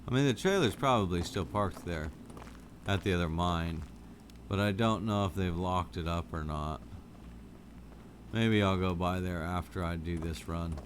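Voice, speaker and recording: A man's voice: low-pitched, measured pace, slight background noise. A middle-aged man streaming a game from his home setup into a studio microphone, chatting casually and rambling, sleepy and yawning now and then. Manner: relaxed, rambling, sleepy with frequent yawns. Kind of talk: casual chat with viewers while playing. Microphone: studio microphone with wired headphones.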